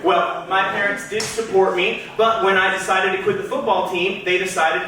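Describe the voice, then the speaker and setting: A man from Georgia doing a stand-up comedy set in a club, chatty and self-deprecating with quick asides to the crowd. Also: high voice, fairly even intonation, bright, forceful tone, recorded from a distance, slight background noise. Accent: trained neutral American, Southern accent dropped. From Georgia, USA. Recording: echoey club heard from off-mic.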